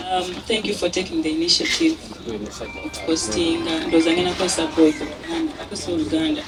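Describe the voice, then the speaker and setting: A woman's voice: fairly low pitch, moderate pace, music in the background. A woman with a Ugandan accent giving an emotional thank-you speech at an event. She laughs often and mixes English with Luganda. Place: event venue. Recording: distant mic with a crowd behind.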